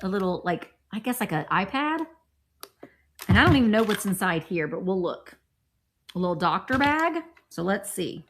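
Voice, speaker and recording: A woman's voice: mid-range voice, big pitch swings, normal speed, background noise. A middle-aged woman chatting casually as she shows off a thrift haul, rambling and talking to friends nearby. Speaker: thrift vlogger. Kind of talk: casual haul show-and-tell.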